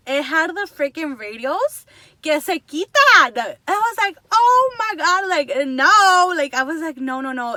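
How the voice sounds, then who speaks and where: Young woman, vlogger, high bright voice, chatty, switches into Spanish, dry close sound. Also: dry recording. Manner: chatty, fast, mixing Spanish and English. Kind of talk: casual storytelling to camera.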